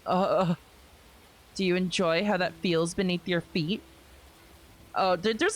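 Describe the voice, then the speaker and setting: A young woman streamer reading a visual novel aloud, expressive, with wry asides. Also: lowish voice, moderate pace, pauses often.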